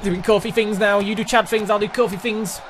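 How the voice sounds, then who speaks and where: A man co-hosting a wrestling video game, reacting with loud excitement and laughter as he plays. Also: high-pitched, a little fast, noisy background. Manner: animated, yelling and laughing at chaos. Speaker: gaming co-host. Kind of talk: excited gameplay commentary.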